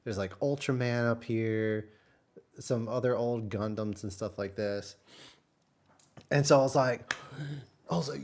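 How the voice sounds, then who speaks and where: A man's voice: medium pitch, measured pace. A young man from Texas, a streamer casually telling a story and acting out the people in it with big voice jumps. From Texas, USA. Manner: animated, acts out quotes with big voice jumps.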